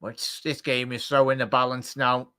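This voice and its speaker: Scouse fella doing live footy commentary on a watchalong, bright crisp voice, gets loud on chances. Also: male voice, mid-range voice, normal speed. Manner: excitable, shouts at big chances; chatty, jokey asides.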